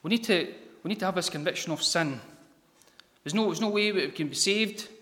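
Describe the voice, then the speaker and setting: A man giving an informal gospel sermon in a church hall, talking haltingly with many ums and repeated words. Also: high voice, a bit bright. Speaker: lay preacher. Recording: reverberant hall.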